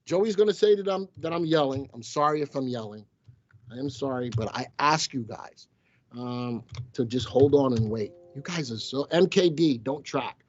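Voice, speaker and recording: A man's voice: mid-range voice, normal speed, lo-fi sound. A man hosting a casual live stock-market show, teasing his viewers and crew as he talks. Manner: playful, teasing banter with chat. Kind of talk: casual live-stream commentary.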